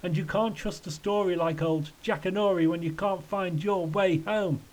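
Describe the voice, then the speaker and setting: A man's voice: fairly high pitch, unhurried, darkish tone, low-quality recording. A man voicing a wretched, childlike male tramp who wails in sing-song rhymes for a storybook reading. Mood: wailing. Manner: sing-song rhyming wail.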